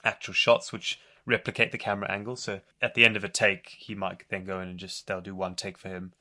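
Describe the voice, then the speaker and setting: Middle-aged male guest, from Zimbabwe, lively storyteller, forceful tone. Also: deep voice, brisk. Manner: chatty, animated anecdotes with acted-out quotes. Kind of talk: casual storytelling in conversation.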